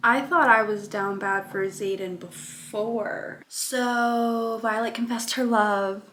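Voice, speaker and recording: A young woman talking casually and excitedly in a book reaction vlog, slangy and swearing, rushing and then drawing out her words. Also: fairly high pitch, slight background noise. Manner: excitable, gushing, swings between rushed and drawn out. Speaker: book vlogger.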